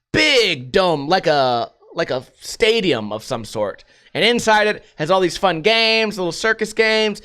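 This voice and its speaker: An American man hosting a podcast, telling rambling stories in a profane, animated way. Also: high-pitched. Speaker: podcast host. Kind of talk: casual storytelling monologue.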